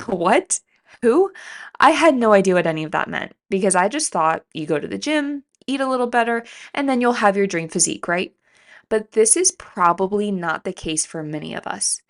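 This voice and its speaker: A young woman hosting a solo fitness podcast, chatty and upbeat as she explains things step by step, her voice nasal and stuffy from allergies. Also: fairly low pitch. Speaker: podcast host.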